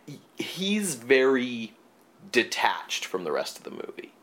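A man's voice: mid-range voice, huge pitch swings, a little slow, fairly bright tone. A man co-hosting a casual movie podcast, talking in rambling stretches full of fillers and restarts. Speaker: podcast co-host. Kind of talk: casual movie review chat.

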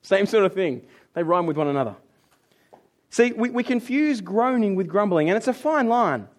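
A man preaching a sermon in an animated way, acting out complaining voices and dropping low and quiet for scripture readings. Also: normal speed.

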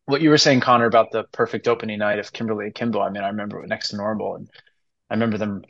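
A man's voice: lowish voice, steady tone, rapid-fire, vocal fry, a bit bright, no room sound, highs cut off. A man in his forties, a musical theater actor guesting on a podcast, talking earnestly and emotionally with many restarts. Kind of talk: casual interview chat.

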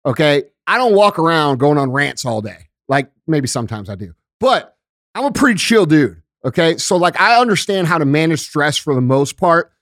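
A man with a notably high voice for a male speaker hosts a podcast, ranting bluntly and swearing freely. He talks close to a studio microphone in a dry, dead-sounding space with no room echo. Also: sing-song, moderate pace, fairly bright tone. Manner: profane, blunt, emphatic; conversational, uses everyday analogies. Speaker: podcast host. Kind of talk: casual podcast rant.

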